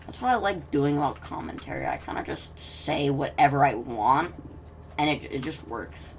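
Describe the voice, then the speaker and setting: Woman gamer commentating casually; low, gravelly voice that wanders and trails into mutters, recorded a bit far from the mic. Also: sing-song, moderate pace, slight background noise. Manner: rambling, self-interrupting, drops to soft mutters. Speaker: gaming commentator.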